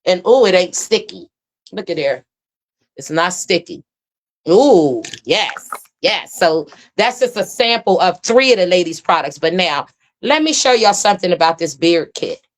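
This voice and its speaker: A woman showing off her own hair and beard care line in a casual, enthusiastic demo, with folksy talk and drawn-out oohs. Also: lowish voice, lively intonation. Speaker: product seller demonstrating her own line.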